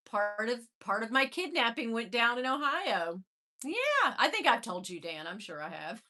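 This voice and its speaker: Bright-voiced chatty woman live-streaming. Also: medium pitch, sing-song, normal speed. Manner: chatty, greets viewers by name, laughs often. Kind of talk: casual live-stream storytelling.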